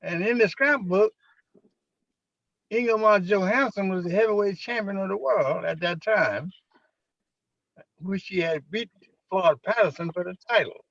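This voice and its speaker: An older man being interviewed, recounting personal memories in an unhurried storytelling way and acting out what people said. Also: sits high, gravelly, fairly bright tone, dry recording, muffled recording. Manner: unhurried storyteller who acts out quotes. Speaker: interviewee, former minister.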